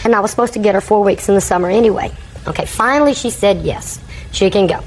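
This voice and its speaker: A woman's voice: medium pitch, fast talker, darkish tone, slight background noise, poor audio. An older woman, a grandmother, giving long courtroom testimony as a litigant and rambling through her account while acting out what others said.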